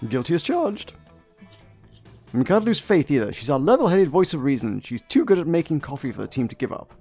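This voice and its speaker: A man's voice: a little high, sing-song, brisk, dark tone, faint music behind. A man reading aloud the lines of a cool, badass female coven leader in a dating game, in a sardonic tone. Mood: breezy.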